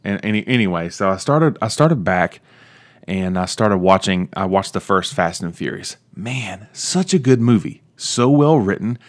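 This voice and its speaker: A young man hosting a podcast, talking casually and rambling with many restarts as he gets animated. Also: low voice, normal speed. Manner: rambling, self-interrupting, animated about movies. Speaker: podcast host. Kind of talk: casual solo monologue.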